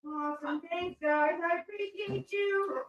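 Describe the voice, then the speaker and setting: Breathless and chatty, a woman running a casual tarot-reading livestream reads viewer messages out loud. Her voice is very high, her pace a little slow, and the sound quality is lo-fi.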